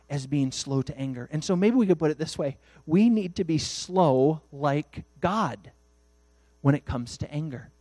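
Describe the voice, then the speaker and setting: Male pastor, animated sermon delivery, fairly high voice. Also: no echo. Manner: animated, acts out dialogues.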